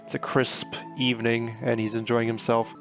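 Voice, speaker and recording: Gravelly-voiced male book reviewer, chatty and loose, with soft guitar bed. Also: medium pitch, flat delivery, moderate pace. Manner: chatty, filler-heavy retelling with paraphrased quotes. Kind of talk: casual book recap.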